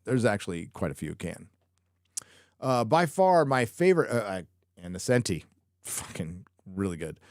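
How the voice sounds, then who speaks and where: A man's voice: medium pitch, no echo, studio quality. A man hosting a live show, chatting casually and rambling through viewer questions with lots of swearing and jokes. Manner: profane, rambling, joking. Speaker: live show host answering viewer chat. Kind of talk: casual live-stream chat.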